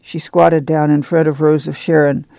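A man reading a novel aloud in measured, steady narration. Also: a little high, creaky, dry recording, rough recording. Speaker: audiobook narrator. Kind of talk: scripted narration.

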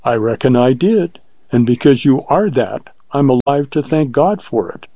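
A male narrator voicing a proud, spirited young woman in a storybook reading, lifting his pitch into a lilting tone. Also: lively intonation, moderate pace, warm tone, slightly rough, dry recording, muffled recording. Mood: tender. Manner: raised, lilting pitch with a light tone.

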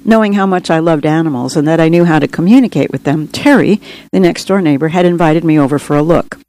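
A woman's voice: sits low, fast talker, a little mellow, no echo, rough recording. An author reading her memoir aloud in an earnest, reflective narration. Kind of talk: audiobook narration.

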